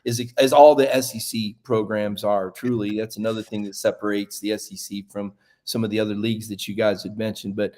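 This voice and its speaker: A man in his fifties, a sportswriter guest, talking sports in a relaxed way and thinking aloud with many restarts. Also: fairly low pitch, a little fast. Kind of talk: casual sports talk.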